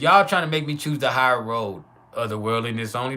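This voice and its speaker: A man from Texas with a Texan accent, hosting an astrology livestream in loose, rambling casual talk that turns loud and heated. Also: medium pitch, fairly quick, hardly any pauses.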